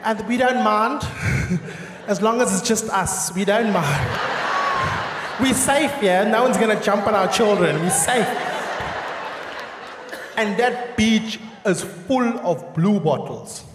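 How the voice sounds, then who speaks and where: A South African man doing live stand-up comedy on a large theatre stage, animated and shouting his punchlines. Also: high voice, takes it slowly, pauses often, background noise. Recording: echoey theatre hall with audience laughter.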